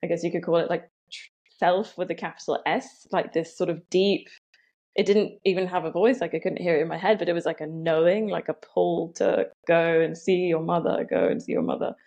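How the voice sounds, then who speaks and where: A young woman tells a personal story as a podcast guest. Her voice sits low and carries a gravelly fry. She talks in a reflective way, with many "um"s and "like"s. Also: steady tone, a little fast, warm tone.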